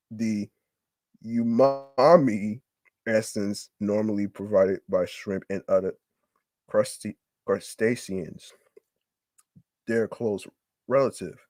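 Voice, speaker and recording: A man's voice: mid-range voice, a little mellow, no echo. A man hosting a podcast, reading a news story aloud and reacting in disbelief, with stumbling restarts and repeated words. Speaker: podcast host.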